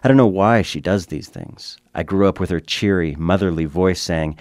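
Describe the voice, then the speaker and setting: Radio commentator, male, deep, reads a personal essay calmly and close to a dry mic. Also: no room sound. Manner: measured, quiet, storytelling delivery. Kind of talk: reflective personal essay read aloud.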